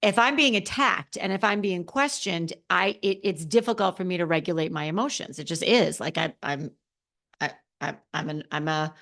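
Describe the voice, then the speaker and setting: A woman's voice: lowish voice, normal speed, vocal fry. A woman hosting a solo podcast as a confidence coach, talking emphatically with lots of repeated phrases and restarts. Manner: self-described extrovert, expressive.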